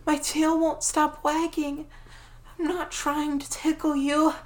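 A young woman voicing a devoted, eager dog-girl pet in a whispered role-play, breathy and pleading. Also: high-pitched, flat delivery, slow. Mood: eager, doting. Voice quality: breathy, soft and hushed. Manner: pleading, affectionate and clingy. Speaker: voice actor.

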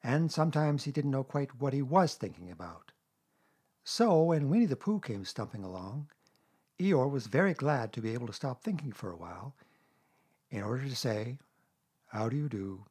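A man reading a classic children's story aloud, gentle and measured. His voice is husky and sits at a middle pitch. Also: very animated. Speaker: narrator.

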